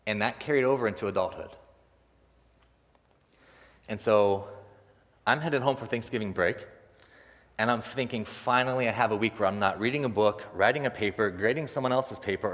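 Preacher man in a reverberant church. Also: fairly low pitch. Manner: animated, acts out quoted voices, laughs often. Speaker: pastor. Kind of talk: sermon storytelling. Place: church sanctuary. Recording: long reverb of a church hall.

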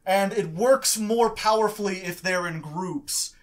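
High-voiced man hosting a chatty podcast. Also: a little slow. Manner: explains lore, tells stories with sound effects, laughs often. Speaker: podcast host. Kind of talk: casual podcast chat.

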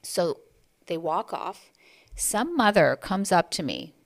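Animated woman telling a story. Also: fairly low pitch, slow pace. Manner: animated storyteller, acts out quoted voices. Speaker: podcast co-host. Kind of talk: casual chat.

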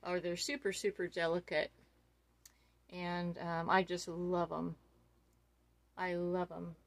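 Middle-aged woman, unhurried unboxing vlogger, breathless gushing delight. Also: fairly low pitch, flat delivery, vocal fry, dry recording. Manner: gushing, awestruck, full of fillers. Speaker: doll collector vlogger. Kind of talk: casual unboxing chat.

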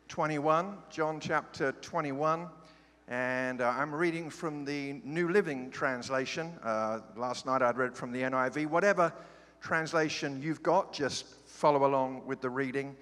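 A man's voice: on the high side, fairly bright tone. A man who is a guest preacher, giving a sermon and reading scripture with humorous, chatty asides. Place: large church sanctuary. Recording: long hall reverb.

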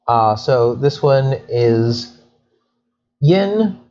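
A man's voice: medium pitch, normal speed. Chatty male Egyptology lecturer, slightly muffled. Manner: lively, chatty teaching with asides and self-corrections. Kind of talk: explanatory lecture.

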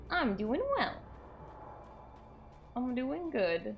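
A woman's voice: mid-range voice, unhurried, faint music behind. A woman streaming a game live, chatting with her viewers and reacting in sudden bursts and laughter at a desk microphone. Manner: animated, jumpy reactions, bursts of shrieks and laughter.

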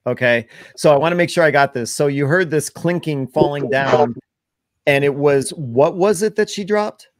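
A man's voice: fairly high pitch, normal speed, no echo. A man co-hosting a casual livestream over a video call, breaking in to ask questions and recap a story. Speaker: livestream co-host.

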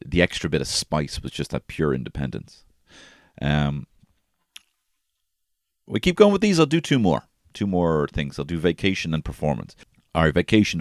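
A man's voice: extremely low pitch, dry recording, studio quality. A man in his thirties hosting a podcast, rambling and swearing as he tells casual stories from his life. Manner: rambling and profane, with frequent restarts. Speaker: podcast host. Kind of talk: casual solo podcast storytelling.

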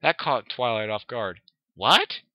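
A man's voice: lowish voice, moderate pace, no room sound, lo-fi sound. A man with a sore throat talking casually and reading fan fiction aloud, a bit hesitant. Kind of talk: casual vlog intro and story reading.

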